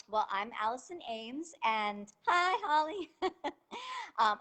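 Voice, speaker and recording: A woman's voice: a little high, pushed and bright. A woman author joining a live video interview as a guest, talking casually with self-deprecating humor. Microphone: video call.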